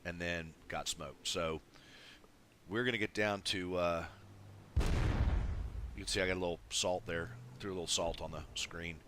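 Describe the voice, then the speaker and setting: Deep-voiced laid-back gamer man. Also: fairly even intonation, unhurried, pauses often, noisy background. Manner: laid-back, swears freely, mimics teammates. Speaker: gamer commenting on a replay. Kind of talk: casual replay commentary. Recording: game sounds of gunfire and engines behind. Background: tank battle game sounds, artillery fire.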